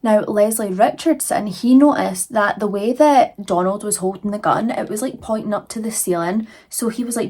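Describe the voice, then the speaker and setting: A young woman recounts a true crime case in a loose, chatty way, leaning on fillers and little asides. Her voice has a soft, breathy husk to it, sitting at an ordinary middle pitch. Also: moderate pace, hardly any pauses. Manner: chatty, conversational, many fillers. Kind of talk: casual true crime retelling.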